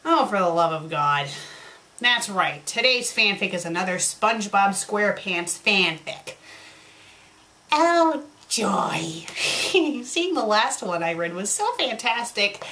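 A woman's voice: medium pitch, expressive, a little slow, pushed and bright. A woman reviewing and reading fanfiction aloud, with sarcastic, exasperated asides.

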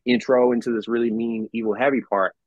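A man's voice: medium pitch, level tone, a little fast, dry recording, muffled recording. A young man, a metal songwriter, talking casually on a podcast, rambling with many restarts and casual swearing.

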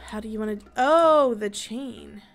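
A woman's voice: on the high side, moderate pace. A young woman giving casual let's play commentary, chatty and emotional, swearing often and sometimes dropping to a whisper. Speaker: gaming streamer. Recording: game music playing behind.

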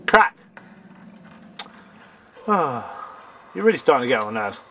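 A man's voice: mid-range voice, sing-song, unhurried, a bit bright, slight background noise. A young man doing gameplay commentary, grumbling in exasperation and scolding the enemies on screen. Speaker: let's play gamer.

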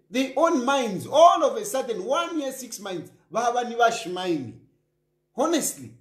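Man, Zambian accent, political commentary, high pitch, lively swings. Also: roomy sound. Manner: emphatic, repeats phrases, mixes in local language. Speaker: political talk show host.

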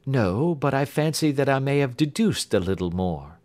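A man reading an audiobook who voices a keen, confident Victorian male detective, raising his voice and explaining briskly. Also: mid-range voice, voice pushed up, close to an everyday voice. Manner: brisk, lively, lecturing.

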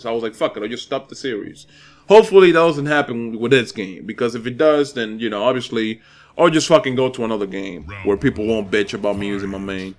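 A young man hosting his gaming channel, commentating live ranked matches with constant profanity and excitable trash talk aimed at his opponents. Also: mid-range voice.

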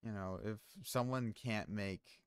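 Low-voiced man in casual stream chat. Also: steady tone, takes it slowly. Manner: rambling, many fillers and restarts.

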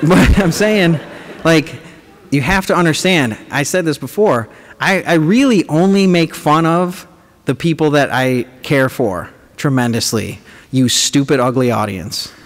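A man giving a comedic, sarcastic lecture to students as a professor, animated and teasing the audience. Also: on the high side, measured pace. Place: large lecture auditorium. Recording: echoey hall recording, faint room noise.

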